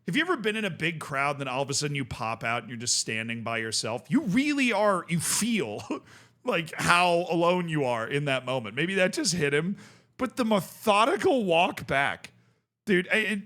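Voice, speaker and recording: Man, young adult, high voice, casual reaction commentary, amused, quick to laugh. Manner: excitable, amused, often breaks into laughter. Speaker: video reaction host.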